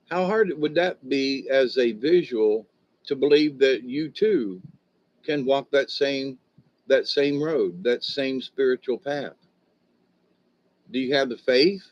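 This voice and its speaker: An older man giving a rambling spiritual talk on a long livestream, chuckling often, with speech shaped by missing teeth. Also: medium pitch. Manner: meandering, chuckling, with many fillers and restarts. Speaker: spiritual teacher. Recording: dull lo-fi stream audio.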